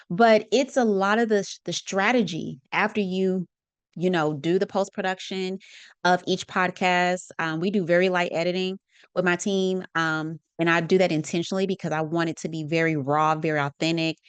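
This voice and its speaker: A woman's voice: fairly low pitch, clear, resonant tone, no room sound. A woman hosting her own podcast, talking casually and expressively to listeners with lots of asides. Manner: chatty and expressive, many fillers and asides. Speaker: podcast host. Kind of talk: casual solo podcast monologue.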